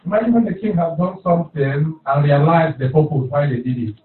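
A man's voice: on the high side, fairly quick. A man preaching a sermon, repeating his phrases and calling for responses from the congregation. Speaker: pastor. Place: church hall. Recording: echoey hall, distant, phone-like.

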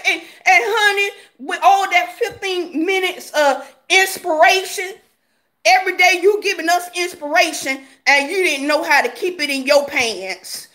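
A woman's voice: very high-pitched, measured pace, pushed and bright. A woman vlogger giving sassy, laughing gossip commentary, calling viewers honey and baby.

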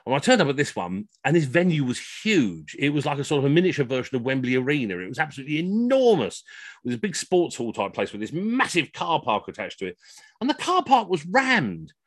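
A man telling comic stories in a chatty, lively way, acting out the people he quotes. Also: mid-range voice, a little fast, no room sound. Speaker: costumed entertainer. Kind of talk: comic storytelling. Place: at home on a video call.

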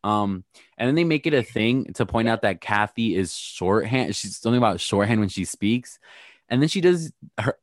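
A man's voice: fairly low pitch, animated, normal speed, dry recording, clean studio sound. Man dishing gossip with blunt shade. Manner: gossipy, blunt, playfully shady. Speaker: podcast co-host recapping reality TV. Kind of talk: casual chat.

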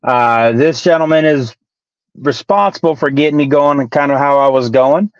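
A man's voice: on the high side, normal speed, no echo, lo-fi sound. A man hosting a casual online talk show who laughs easily and introduces guests. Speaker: host. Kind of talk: casual chat.

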